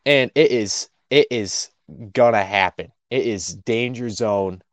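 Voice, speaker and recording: A man's voice: lowish voice, slow pace, no room sound. A young man co-hosting a podcast, telling a story in casual chat and acting out the people in it. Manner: animated storyteller, acts out voices. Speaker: podcast co-host.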